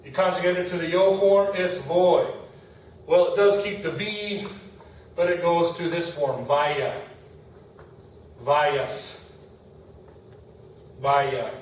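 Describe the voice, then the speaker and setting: A man's voice: fairly high pitch, takes it slowly, long pauses. Echoey, distant male Spanish teacher. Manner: casual, talks while writing on a board. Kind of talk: classroom grammar explanation. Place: classroom. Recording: echoey room, far from the mic, faint noise.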